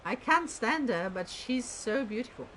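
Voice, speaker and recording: A woman's voice: on the high side, animated, unhurried, a bit bright, slight background noise, rough recording. A woman hosting a let's play, chatting enthusiastically and reading in-game text aloud as she plays. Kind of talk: gameplay commentary.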